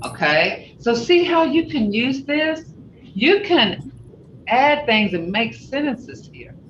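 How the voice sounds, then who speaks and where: This high-voiced woman teaches a language class online with big pitch swings, a slow pace, a somewhat bright tone, and a faint hiss or hum. Through dull, distant, roomy video call audio, she patiently calls on each student and walks them through every phrase.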